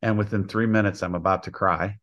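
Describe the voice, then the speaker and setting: Deep-voiced older man telling stories earnestly. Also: steady tone, brisk, a bit bright. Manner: earnest storyteller who acts out quoted dialogue. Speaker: college softball head coach, guest. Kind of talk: storytelling interview.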